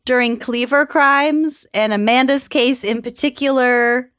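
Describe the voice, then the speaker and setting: A woman's voice: high-pitched, steady tone, a little slow, a bit bright, clear, resonant tone, no echo. Laughing podcast woman, dry close mic. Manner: laughs often, storytelling. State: pregnant. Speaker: podcast co-host. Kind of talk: casual chat.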